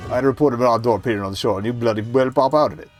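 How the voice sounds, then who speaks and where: A man voicing an officious, blustering police constable in a point-and-click game, speaking in a brisk, comic manner. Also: medium pitch, faint music behind, natural voice.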